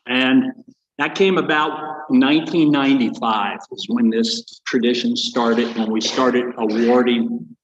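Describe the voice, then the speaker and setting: A man's voice: mid-range voice, steady tone, a little slow. An older man giving a folksy, rambling speech with a joke, full of fillers and restarts. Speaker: guest speaker. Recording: muffled echoey banquet hall.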